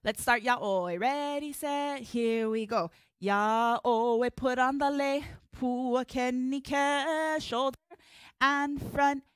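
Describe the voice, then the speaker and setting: A woman leads a hula class, calling out each move and mixing Hawaiian words into her English. Her voice sits a little high, and she talks slowly and patiently. The sound is dry and close, with soft music faintly behind her. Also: clear, resonant tone, no room sound. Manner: upbeat, counts and calls out moves, mixes in Hawaiian words. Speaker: hula teacher. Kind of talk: live dance class instruction.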